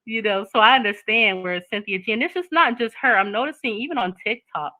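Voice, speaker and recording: A woman hosting a casual chat, talking in an animated, joking way. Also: a little high, fairly quick, no room sound, low-quality recording. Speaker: host.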